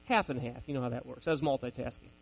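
Guy in his 40s preaching, chatty self-deprecating stories, ordinary middle pitch. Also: quick pace, vocal fry, rough recording. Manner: conversational, self-deprecating storytelling. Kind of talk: sermon with personal stories.

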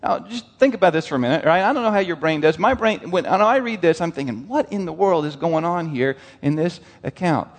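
A man delivers a sermon, animated and questioning his listeners. His voice sits a little high. The sound rings with a long hall reverb. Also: fairly quick, hardly any pauses. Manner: animated, asks the crowd questions, lively quoted voices. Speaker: preacher.

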